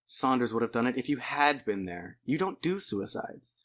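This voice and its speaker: A man voicing a chatty, excitable young wife in an audiobook, quick to react and exclaim. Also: mid-range voice, voice pushed up. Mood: coaxing. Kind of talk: audiobook character voice.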